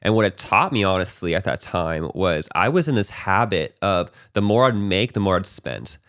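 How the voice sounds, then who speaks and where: A man's voice: low voice, normal speed, clear, resonant tone, dry recording, clean studio sound. A man hosting a podcast, telling a personal story in loose, casual talk, often tagging his sentences with "right?". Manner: loose and conversational, peppered with "like", "right?" and "bro"; animated, acting out his own past panic. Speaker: podcast host.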